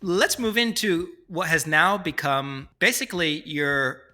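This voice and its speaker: A man's voice: fairly high pitch, animated, pushed and bright, faint music behind. A man hosting a podcast, interviewing a guest with enthusiasm and reading a sponsor message. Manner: enthusiastic, quick to laugh along. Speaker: podcast host. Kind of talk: interview and read ad.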